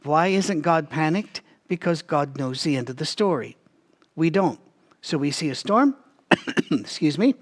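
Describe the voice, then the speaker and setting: Higher-voiced man teaching Bible study. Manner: animated, talks to listeners directly, frequent restarts.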